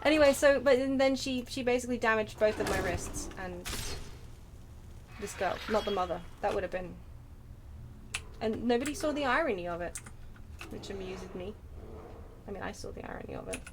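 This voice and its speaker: A woman's voice: medium pitch, normal speed, long pauses. Rambling British woman streamer, noisy line. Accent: British English. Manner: rambling, chatty, self-deprecating asides. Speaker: game streamer. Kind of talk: casual chat while playing a game. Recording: noisy home stream audio.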